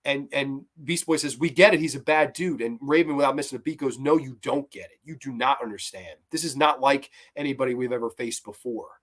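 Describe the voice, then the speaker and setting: Fairly quick and bright, with few pauses, a man's mid-range voice carries casual commentary ranking cartoon episodes. As the show's host, he rambles with enthusiasm and quotes scenes in loose character voices.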